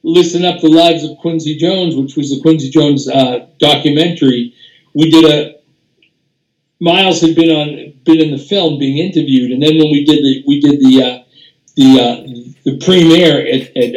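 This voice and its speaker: An older man who works as a music producer rambles through casual anecdotes as an interview guest, restarting, using fillers and swearing. His voice sits a little high, with the highs cut off, and the recording has a roomy echo.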